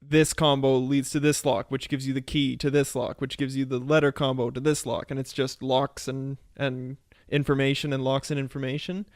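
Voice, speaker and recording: A man's voice: medium pitch, little pitch movement, moderate pace, hardly any pauses, dry recording, studio quality. A man hosting a casual podcast, talking in a loose, rambling way and laughing often. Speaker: podcast host.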